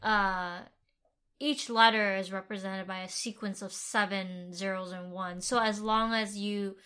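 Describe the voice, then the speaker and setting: A woman's voice: medium pitch, steady tone, measured pace, pushed and bright, clean tone. A woman in casual conversation, curious and thinking aloud as she checks what she understood. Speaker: learner asking questions.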